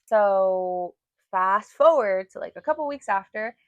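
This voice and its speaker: A young woman co-hosts a podcast, animatedly telling stories in casual chat and acting out what everyone said. Her mid-range voice moves a little slowly, and the recording is dry and dull.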